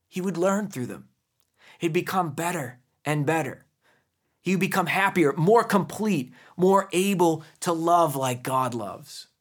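A man in his thirties hosting a podcast, reading scripture and telling personal stories in an earnest, measured sermon style. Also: on the high side, a bit bright. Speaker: podcast host and Bible teacher.

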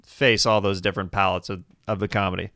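A man's voice: sits low, little pitch movement, quick pace, a bit bright, dry recording, studio quality. A man hosting a podcast, telling loose comic stories in casual chat. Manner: chatty, loose comic storytelling. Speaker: podcast host.

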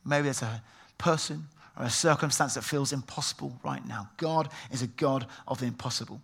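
A man's voice: mid-range voice, normal speed, vocal fry, slightly rough. A middle-aged man preaching a sermon, telling stories and acting out the voices of the people in them. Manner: storytelling, acts out quoted voices. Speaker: pastor.

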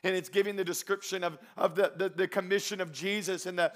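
A man preaching a sermon, moving between loud exhortation and quiet storytelling, drawing out key phrases slowly. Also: high-pitched, fairly even intonation. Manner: slows down and stretches phrases for emphasis. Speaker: pastor.

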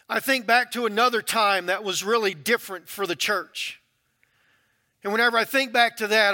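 A man's voice: high voice, bright, forceful tone. A male pastor preaching a sermon in a folksy, conversational way.

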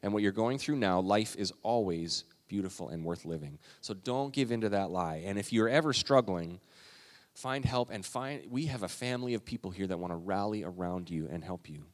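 A man's voice: deep voice, normal speed, big-room sound. A man preaching a sermon as a pastor, in an earnest, conversational way that builds to urgency.

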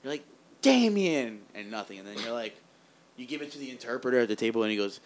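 A man in casual chat, telling animated stories, laughing often and swearing as he acts out quoted lines. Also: mid-range voice, very fast.

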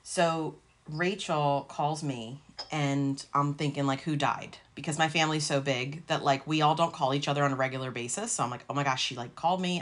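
A woman with a deep, low-pitched voice co-hosts a chatty podcast. She tells stories in a loose, rambling way, full of fillers and the odd swear word. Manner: rambling, swears freely, animated retelling. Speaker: podcast co-host. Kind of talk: casual chat, storytelling.

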